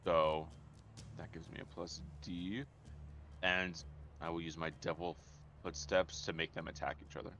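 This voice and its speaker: A man's voice: low-pitched, little pitch movement, normal speed, sharp tone, slight background noise. A man playing a tabletop game, talking hesitantly and stumbling over his words. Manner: hesitant, stumbling, laughs often. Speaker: player.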